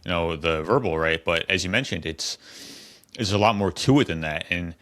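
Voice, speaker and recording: A man's voice: low voice, moderate pace, fairly bright tone. A man hosting an interview, casual and agreeable, often checking in with "right?". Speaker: podcast host. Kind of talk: interview conversation.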